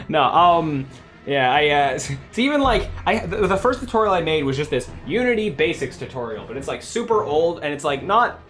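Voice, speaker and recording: A man's voice: a little high, very animated, normal speed, fairly bright tone, faint music behind. A man chatting casually on a game development livestream, rambling with many restarts and fillers.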